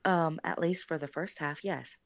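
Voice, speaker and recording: A woman co-hosting a casual live stream, soft-spoken and quick to laugh. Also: deep voice, vocal fry, no echo, clean studio sound. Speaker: co-host and story reader.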